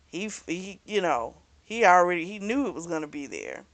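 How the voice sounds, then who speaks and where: A woman's voice: on the low side, very animated, normal speed, no room sound. A woman hosting a book club channel, retelling a romance novel's plot in casual chat full of "like" and "you know".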